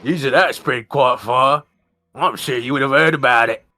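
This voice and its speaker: A man's voice: medium pitch, normal speed, bright, forceful tone, close to an everyday voice. A man voicing a sly, courtly young man who speaks in honeyed, teasing formal phrases, in an amateur game read-through.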